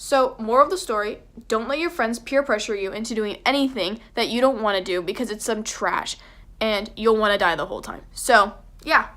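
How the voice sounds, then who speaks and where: A woman's voice: a little high, fairly quick, a bit bright. A young woman telling a dramatic storytime vlog, chatty and full of "like.". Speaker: vlogger.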